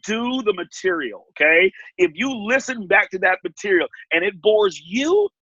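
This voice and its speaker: A man who works as a TV warm-up host and emcee, talking animatedly on a video call with big swings in pitch and loudness. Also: big pitch swings, normal speed, dry recording. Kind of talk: casual video-call interview. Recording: dull lo-fi video-call audio.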